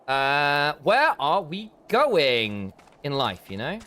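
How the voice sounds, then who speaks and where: A man's voice: fairly high pitch, huge pitch swings, takes it slowly, bright, forceful tone, a little hiss or hum. A man streaming a game, chatting loosely and joking. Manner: jokey, rambling, laughs often. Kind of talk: casual gameplay stream chat.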